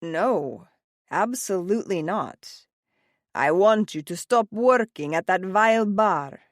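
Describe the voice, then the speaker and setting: A woman reading an audiobook, voicing a gruff, overprotective older father with an Italian accent who growls his orders. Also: medium pitch, animated, slow pace, no echo, clean studio sound. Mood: commanding. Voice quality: growling, stern. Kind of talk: audiobook character voice. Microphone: close studio mic, dry.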